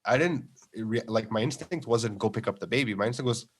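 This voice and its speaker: A man telling lively, profane stories about his kids on a podcast, acting out every quote. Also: fairly low pitch, a little fast, breathy edge. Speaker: podcast guest. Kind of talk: casual chat, storytelling.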